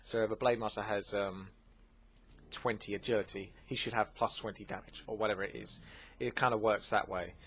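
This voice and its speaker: A man's voice: fairly low pitch, steady tone, a bit bright. A man hosting a gaming channel, casually answering viewer questions, chatty and full of fillers. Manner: chatty, with many fillers and quick asides. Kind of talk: casual Q&A commentary.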